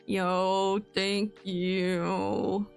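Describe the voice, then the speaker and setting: A woman in her twenties streams casually, reading birthday messages aloud, giggling, laughing often and growing emotional. Her medium-pitched voice is flat, very slow and creaky, with faint music behind.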